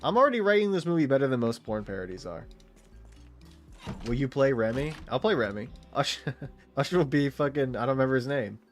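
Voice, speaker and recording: A man's voice: medium pitch, expressive, a little fast, faint music behind. A young man streaming a game, chatting in a rambling, crude, giggly way. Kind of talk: casual chat while streaming a game.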